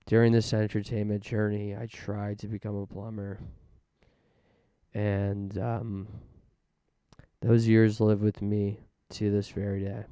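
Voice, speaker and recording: Rambling low-voiced podcast host, man. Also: flat delivery, takes it slowly, mellow, clean tone, dry recording. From Canada. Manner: rambling, joking, self-mocking asides. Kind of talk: solo podcast monologue.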